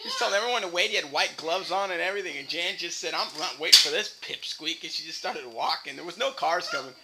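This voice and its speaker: A woman recounting a shared incident in casual family chat, expressive and often laughing. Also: fairly low pitch, fast talker, over a noisy crowd. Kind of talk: casual storytelling.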